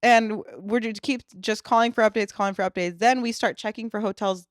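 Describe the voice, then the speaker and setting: A woman's voice: fairly high pitch, fairly quick, no room sound, clean studio sound. A young woman co-hosting a podcast, telling a story in casual chat and acting out the quotes, with lots of fillers. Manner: animated storyteller, acts out quotes, frequent fillers. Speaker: podcast co-host.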